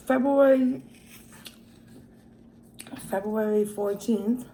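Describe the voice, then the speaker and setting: Slow-talking woman humming over food. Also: mid-range voice, slight background noise. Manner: slow, relaxed, with lots of savoring hums while eating. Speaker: mukbang vlogger. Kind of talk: casual eating vlog chat.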